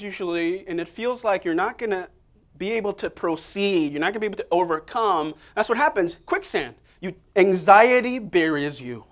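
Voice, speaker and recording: A man preaching an energetic sermon, prompting listeners to repeat phrases to each other. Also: sits high. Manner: energetic, call-and-response prompts to the congregation.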